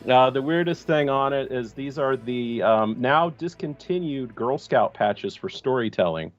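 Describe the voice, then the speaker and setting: A man's voice: medium pitch, unhurried, muffled recording, soft background music. A man, a guest talking casually over a video call about running live-action events. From Texas. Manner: relaxed, chatty, with fillers. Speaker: guest, larp designer.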